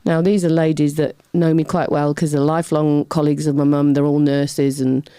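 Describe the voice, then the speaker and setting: A middle-aged woman, a guest on a talk show, telling a personal story in a lively way, often acting out other people's voices and wandering off on tangents. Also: sits low, moderate pace, clear, resonant tone, no echo, clean studio sound. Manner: lively, acts out quoted voices, goes off on tangents. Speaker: podcast guest.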